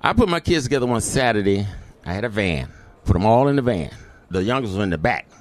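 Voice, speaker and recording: A man's voice: on the low side, very animated, fast. A middle-aged man, telling a personal story as an interview guest and acting out the voices in it.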